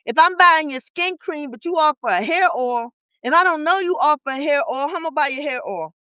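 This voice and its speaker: A woman's voice: high-pitched, expressive, fairly quick, sharp tone, no echo, rough recording. A woman business coach talking in a podcast interview, blunt and colloquial, firing off rhetorical questions with emphasis. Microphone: podcast studio mic.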